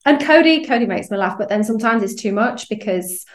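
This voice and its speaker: Bubbly English businesswoman guest, higher voice, roomy remote mic. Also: expressive, a little fast. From England. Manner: bubbly, laughs often. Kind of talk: casual chat.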